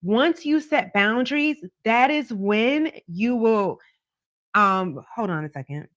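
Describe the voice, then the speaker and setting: A woman's voice: on the high side, animated, slow, fairly bright tone, no room sound, muffled recording. A woman hosting a casual livestream, talking to viewers in a chatty, emphatic way and repeating her points as she gives advice. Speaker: psychic tarot reader livestream host.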